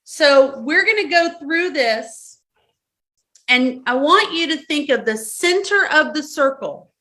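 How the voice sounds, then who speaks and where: Speaking slowly with lively intonation, a woman with a Southern accent uses a high-pitched, bright, forceful voice to lead a live-streamed workshop. She lays out steps in order, repeats key words, and often checks in.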